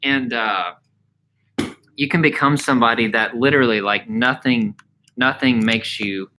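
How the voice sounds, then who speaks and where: A man teaching course members about calming anxiety in a loose, unscripted talk. He speaks earnestly, repeats and restarts words, and keeps checking in with "okay?". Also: mid-range voice, unhurried, background noise. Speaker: anxiety recovery coach. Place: home, mowing heard outside.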